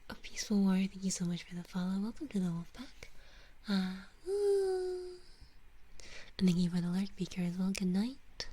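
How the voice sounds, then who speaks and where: A young woman streamer chatting to her viewers in a soft whisper, joking at her own expense, very close to the mic. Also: on the low side, quick pace, hardly any pauses, slightly rough. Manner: soft unvoiced whisper, chatty and self-mocking. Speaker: streamer and ASMR artist. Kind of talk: whispered ASMR stream chat. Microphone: close sensitive ASMR microphone.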